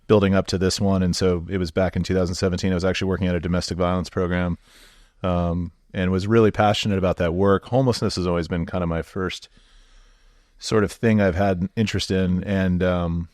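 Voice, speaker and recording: Guest spot: man in his forties, low voice, easygoing storyteller, dry close sound. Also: a little fast, no room sound. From Southern California. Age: 40s. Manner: relaxed storytelling, lots of fillers. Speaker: guest, nonprofit executive director. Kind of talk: podcast conversation.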